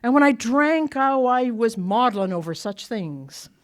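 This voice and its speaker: A woman's voice: on the high side, expressive, measured pace. A woman from Ireland, speaking to a recovery meeting and telling her story bluntly and candidly, with frequent laughter. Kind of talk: personal recovery talk to an audience. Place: workshop meeting room.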